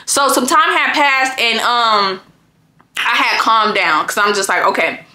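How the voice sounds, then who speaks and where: Young woman, high bright voice, fired-up cursing storytime, echoey room. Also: measured pace. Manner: heated, profane, animated storytelling. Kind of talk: casual storytime vlog.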